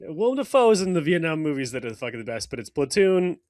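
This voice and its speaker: A man's voice: on the high side, very animated, fast, darkish tone, no echo, studio quality. A man co-hosting a podcast in casual chat, teasing the others with a quiz and swearing freely. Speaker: podcast co-host.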